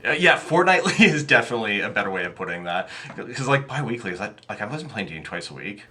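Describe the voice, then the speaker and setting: A man's voice: fairly low pitch, very animated, fast, heavy background noise. A man talking as a podcast guest about running tabletop games, rambling with many fillers and restarts. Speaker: podcast guest, game master. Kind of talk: casual interview chat.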